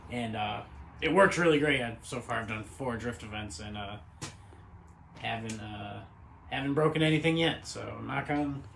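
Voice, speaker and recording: In a small home garage, a man shows off his car in a loose, rambling walkaround chat, cursing freely as he goes. His medium-pitched voice is fairly bright with vocal fry, his pace is normal, and a little hiss or hum sits under the audio.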